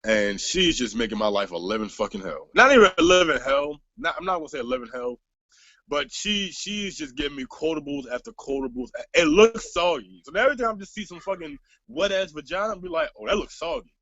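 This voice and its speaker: A young man rants through a story to the camera in a casual, profane and exasperated way. His voice sits high and swings widely, with a gravelly edge and a bright tone. The recording is dry and a little dull. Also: lively intonation, quick pace, dry recording. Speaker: vlogger. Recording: slightly dull, dry lo-fi sound.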